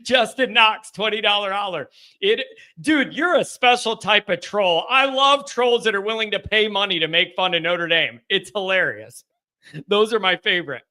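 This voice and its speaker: Man, call-in show host, bright clear voice, subdued, halting, restarts a lot. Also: sits high, animated. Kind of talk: casual live-stream chat, reading donations.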